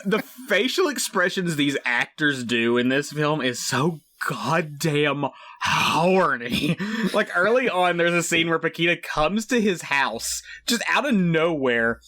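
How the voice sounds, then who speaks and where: A man co-hosting a podcast, chatting casually about a film in an animated, profane way and acting out scenes in silly voices. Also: a little high, a little slow, hardly any pauses. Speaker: podcast co-host. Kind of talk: casual film review chat.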